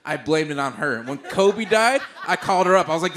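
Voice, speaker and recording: A young male comedian from the Bay Area works a live crowd, his voice sitting high and light for a man. He tells his story in an animated rush, swearing freely and breaking into loud outbursts, close on a handheld stage mic. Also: brisk, slight background noise. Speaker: stand-up comedian. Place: stage before a live audience.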